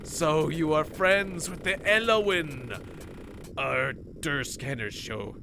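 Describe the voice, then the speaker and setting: A man voicing a haughty male alien lizard guard captain in a video game, speaking slowly and stately. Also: fairly high pitch, vocal fry, noisy background.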